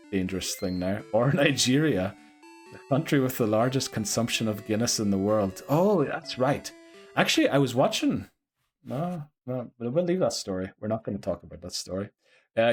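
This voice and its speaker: A rambling, joking man with a Northern Irish accent chats casually as a game streamer. His voice sits fairly low. Faint music plays behind him. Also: darkish tone, breathy edge. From Northern Ireland. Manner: rambling, joking, chuckles often. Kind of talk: casual live-stream chat.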